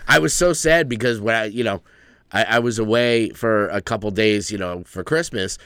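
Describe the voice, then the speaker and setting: A man's voice: on the low side, moderate pace, a bit bright, smooth, no room sound, clean studio sound. A man co-hosting a podcast, joking crudely and laughing often in casual banter. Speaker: podcast co-host.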